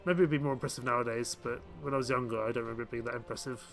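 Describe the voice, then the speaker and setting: Man, live game streamer, casual thinking-aloud chatter, mid pitch, faint music behind. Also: fairly even intonation, racing, a bit bright. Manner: chatty, thinking aloud, self-mocking asides. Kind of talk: casual live gameplay commentary.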